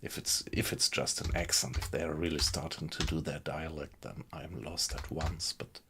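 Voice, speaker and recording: A man chatting casually with viewers while he plays a game live from his small home computer room, relaxed and unhurried. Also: a bass voice, noisy background. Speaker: game streamer. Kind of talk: casual live-stream chat while playing.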